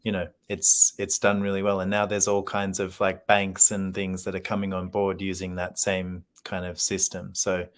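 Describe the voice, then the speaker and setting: Low-voiced man chatting casually. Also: normal speed, few pauses. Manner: relaxed storytelling with many fillers. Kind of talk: casual conversation.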